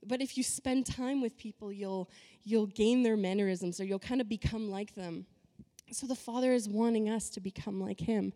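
A woman's voice: medium pitch, normal speed, warm tone, in a large hall. A woman pastor giving a conversational, emphatic sermon full of rhetorical questions.

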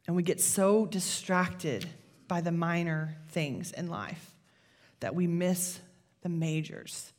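A woman pastor, preaching a sermon in a conversational, animated storytelling way. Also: on the low side.

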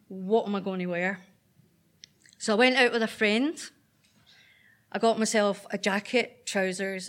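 A Northern Irish woman telling a true personal story on stage at a live event, chatty and self-deprecating with frequent ums. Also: medium pitch.

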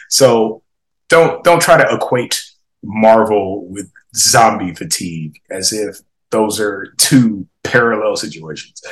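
A young man hosting a casual gaming podcast, reading out viewer comments with slangy, animated reactions and frequent laughs. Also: fairly low pitch, poor audio. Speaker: podcast host.

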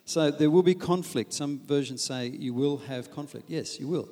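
A man preaching a lively, humorous sermon on marriage, acting out quoted asides. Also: a little high, moderate pace, long reverb tail. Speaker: pastor.

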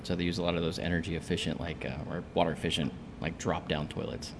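A man's voice: low voice, level tone, quick pace, noisy background. A man chatting casually as a guest, talking in a rambling way with many fillers and hesitations. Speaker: coffee shop guest. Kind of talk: casual chat.

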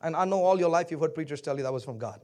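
A man preaching a sermon, swinging from shouted peaks down to hushed, quiet passages. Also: fairly high pitch, very fast. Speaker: pastor.

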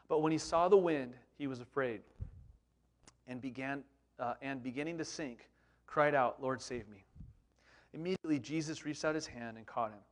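A man preaching a sermon in a conversational, animated way, with frequent rhetorical questions to the congregation. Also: medium pitch. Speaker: pastor.

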